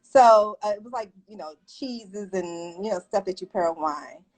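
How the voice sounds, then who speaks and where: Woman guest chatting in an interview, lots of little laughs, jumps up high when she acts out what she thought. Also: moderate pace, rough recording. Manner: animated, laughs often, lively quoted asides. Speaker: guest, entrepreneur. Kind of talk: casual interview storytelling.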